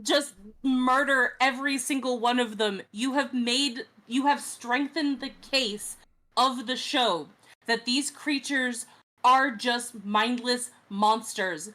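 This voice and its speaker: A woman with a bright, tense voice lectures at a deliberate, unhurried pace. She is emphatic and pointed in a casual podcast rant, and her voice sits fairly high. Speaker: podcast guest. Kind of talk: casual chat.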